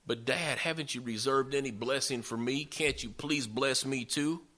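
A man's voice: fairly low pitch, sing-song, measured pace, bright, forceful tone, heavily acted. A man voicing a grieving young man who pleads with his father in a sermon retelling. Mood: pleading. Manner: pleading, plaintive.

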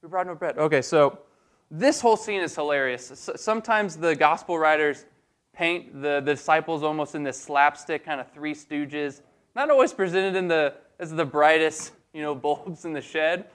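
A man preaching a sermon in a casual, humorous way, acting out quick bits of dialogue. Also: on the high side, a bit bright. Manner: conversational and humorous, acts out voices of the disciples.

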